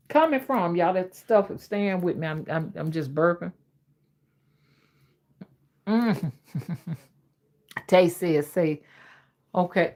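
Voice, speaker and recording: Chatty Southern woman, low voice. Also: very animated, takes it slowly, long pauses. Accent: Southern US drawl. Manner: chatty, reads viewer comments aloud, laughs easily. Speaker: livestream host. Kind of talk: casual livestream chat.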